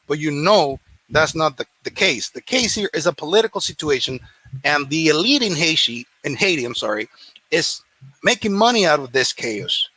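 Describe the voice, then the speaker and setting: A man's voice: fairly high pitch, very animated, moderate pace, sharp tone, husky, no room sound, low-quality recording. A man hosting a casual discussion, earnest and agreeable as he makes his points. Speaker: host.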